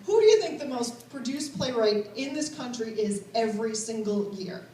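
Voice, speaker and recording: A woman's voice: on the high side, lively intonation, moderate pace, mellow, distant mic. A woman performing a stand-up routine on a comedy stage, sardonic and rising to mock outrage. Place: comedy stage before a laughing crowd. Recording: echoey live room mic, audience laughter.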